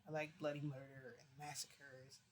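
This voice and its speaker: A woman voicing a smug, menacing male captor who speaks in a quiet, low, smirking voice. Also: little pitch movement, moderate pace, crowd noise, close to an everyday voice.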